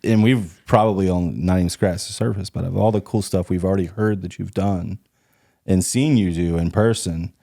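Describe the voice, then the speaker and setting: A man's voice: sits low, steady tone, normal speed, creaky, warm tone. A man hosting a podcast, bantering and joking casually with his guest. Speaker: podcast host. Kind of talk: casual chat. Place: podcast studio.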